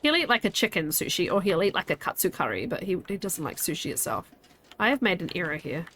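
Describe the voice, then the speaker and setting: A woman's voice: on the low side, big pitch swings, fast talker, a bit bright, slight background noise. A woman, chatting casually while streaming a game and rambling as she answers her chat.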